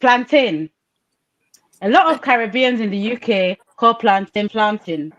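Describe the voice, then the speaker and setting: A Nigerian woman living in Britain co-hosts a podcast over a video call, speaking passionately and emphatically and repeating points for stress. Her voice is a little high, animated, a bit bright and measured, on slightly dull lo-fi call audio.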